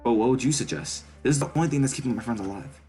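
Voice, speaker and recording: A man's voice: mid-range voice, very fast, warm tone, faint music behind, lightly acted. A man voicing an anxious, earnest young male hyena who has just finished school, in a game reading. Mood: startled. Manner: nervous, earnest, questioning.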